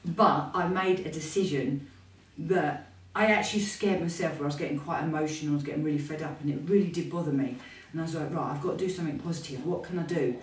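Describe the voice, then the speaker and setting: A woman's voice: low voice, quick pace. A woman in her fifties talks openly and with animation, the way a fitness instructor chats to her followers. Her voice sounds a little far off in an echoey room. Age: 50s. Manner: chatty, candid and animated. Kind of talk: casual talk to camera. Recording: roomy, voice from a distance.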